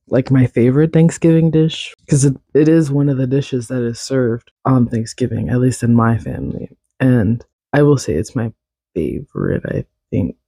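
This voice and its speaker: A man's voice: medium pitch, mellow, dry recording. A young man hosting a solo podcast, chatting casually and rambling, correcting himself with little laughs. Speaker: podcast host.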